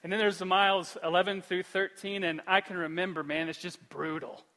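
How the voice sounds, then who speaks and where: A male pastor delivers a sermon in a church sanctuary, his voice high and sharply bright. He swings from soft, earnest pleading to loud, animated storytelling. A long hall reverb trails every phrase. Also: fairly quick.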